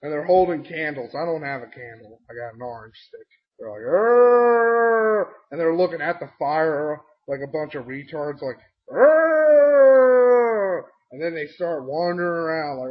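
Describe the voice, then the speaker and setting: A young man recapping a tabletop game session, excitable and swearing constantly as he tells the story. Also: fairly high pitch, brisk. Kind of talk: profane storytelling rant. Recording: dull lo-fi home mic.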